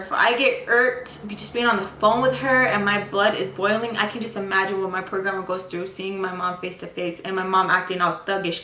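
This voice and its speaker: A woman's voice: medium pitch, pushed and bright. A young woman telling a long personal story in a casual vlog, frustrated and rambling, full of fillers. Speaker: vlogger. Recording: echoey room with faint noise.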